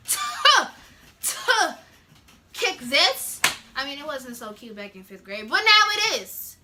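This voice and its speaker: Animated teenage girl telling a story. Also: high voice, slow. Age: teens. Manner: animated, dramatic retelling with sound effects. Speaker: vlogger. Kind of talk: casual storytime.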